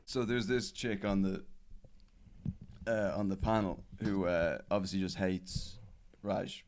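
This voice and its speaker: A man's voice: low-pitched, fairly even intonation, takes it slowly, darkish tone, slight background noise. A man hosting a podcast, chatting loosely and crudely while playing a clip. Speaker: podcast host. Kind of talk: casual chat reacting to a clip.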